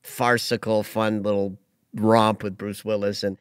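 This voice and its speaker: A man hosting a casual astrology chat, emotional and animated, often restarting his sentences. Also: lowish voice, measured pace, smooth, dry recording, studio quality. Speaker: astrologer host.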